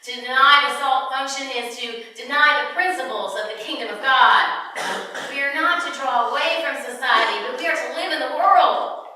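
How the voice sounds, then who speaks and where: A woman pastor delivering a sermon in a measured, emphatic way with touches of humor. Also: high-pitched, bright, forceful tone, slight background noise. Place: church sanctuary. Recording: echoey church hall from far off.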